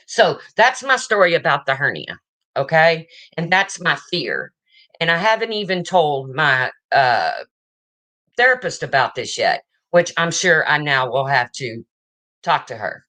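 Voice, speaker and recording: A woman with a low, bright, forceful voice tells a personal story to her viewers. She talks frankly and emotionally, swears without a second thought and keeps checking in with her audience. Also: lively intonation, measured pace. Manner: frank, emotional, swears casually, asks okay?. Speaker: vlogger. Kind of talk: casual storytelling to camera.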